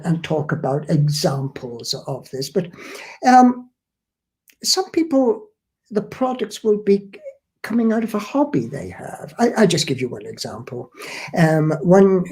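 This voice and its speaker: A man's voice: a little high, darkish tone, breathy edge. An older man giving down-to-earth business advice in a chatty instructional talk, often repeating his words. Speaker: import-export trade advisor.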